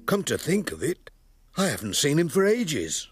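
An actor playing a kindly cartoon postman and father who is tired and coming down with a cold, speaking gently with a cough, over music. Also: on the high side, huge pitch swings, moderate pace, breathy edge, no echo, clean studio sound, heavily acted. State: getting a cold.

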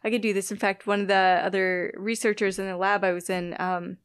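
A woman's voice: medium pitch, little pitch movement, a little fast, smooth, no room sound, studio quality. A woman from the Midwest of the United States, a guest scientist chatting casually, often laughing and poking fun at herself. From Midwest US, Illinois-Wisconsin border. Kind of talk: casual conversation.

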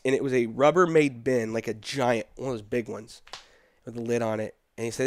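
A middle-aged man telling a personal story in casual conversation, animated and quoting the people in it. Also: medium pitch, fairly quick, dry recording. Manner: animated, quotes people in his story, laughs between. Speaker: guest telling his story.

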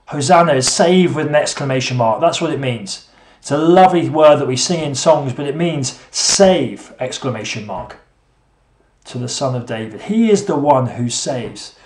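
A male preacher giving a sermon, asking rhetorical questions and repeating phrases, at times emphatic and at times hushed. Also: medium pitch. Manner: swings between emphatic and hushed delivery. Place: church hall. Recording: echoey room.

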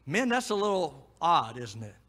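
Preaching a complete sermon, this middle-aged man has a bright, high-pitched voice that swings between quiet pleading and forceful, loud exhortation. He speaks at a moderate pace with a sing-song lilt.

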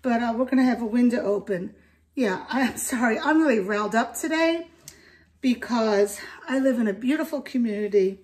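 An older woman chatting to camera in her home kitchen, rambling and lively as she cooks. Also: a little high, moderate pace, far from the mic. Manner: chatty, rambling, talks to camera while cooking. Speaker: home cook vlogger. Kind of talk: casual cooking vlog.

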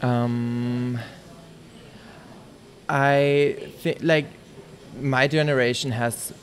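A man's voice: mid-range voice, steady tone, drawn-out words. A young man from East Germany, a guest answering casual interview questions hesitantly. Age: young adult. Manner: hesitant, many fillers.

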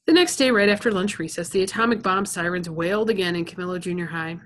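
A woman's voice: lowish voice, fast talker, slight background noise. A woman reading a novel aloud to listeners, stopping now and then to explain things in a chatty, plain way. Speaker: reader.

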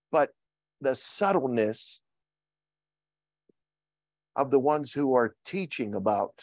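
An older man preaching a sermon as pastor, reading scripture slowly with rising emphasis, then talking plainly to his church. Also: mid-range voice, dry recording. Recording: dull lo-fi sound.

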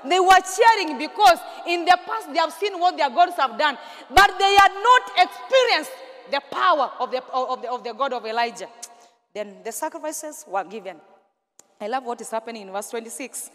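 A woman pastor preaches in a strikingly high voice. She fires questions at the congregation and breaks into loud, emphatic bursts. Her voice rings through a large church hall with a long reverb. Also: lively intonation, normal speed. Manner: emphatic call-and-response preaching, bursts of shouting. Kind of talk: sermon.

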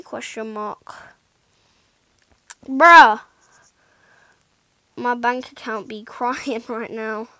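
A woman with a fairly high voice, talking slowly through casual gameplay commentary. She rambles and pokes fun at herself, dropping into muttered whispers between louder remarks. The sound is close and dry. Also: fairly even intonation, dry recording, low-quality recording. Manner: rambling, self-mocking, drops into muttered whispered asides. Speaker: gaming YouTuber.

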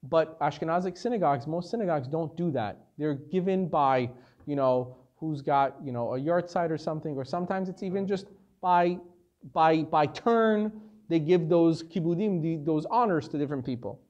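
Male rabbi, high voice, chatty storytelling Torah lesson. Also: moderate pace, highs cut off. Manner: animated, conversational, sprinkles Hebrew terms.

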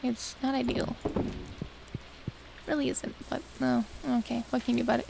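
Young woman, gaming streamer, high gravelly voice, slow rambling commentary, noisy recording. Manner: rambling, self-mocking chatter to herself. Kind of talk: casual let's-play commentary. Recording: steady background noise.

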